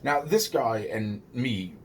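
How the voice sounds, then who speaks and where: A man's voice: medium pitch, animated, a little hiss or hum. A man casually retelling a true story in the first person. He rambles, restarts sentences, swears constantly and sounds shaken and unable to believe it himself. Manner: rambling and halting, many restarts and repeated words; shaken disbelief at his own story.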